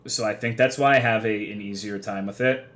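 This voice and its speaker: A man's voice: fairly low pitch, fairly even intonation, a little fast, a bit bright. Profane rambling young male streamer. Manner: profane, rambling, self-deprecating. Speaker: livestreamer. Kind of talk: casual livestream chat.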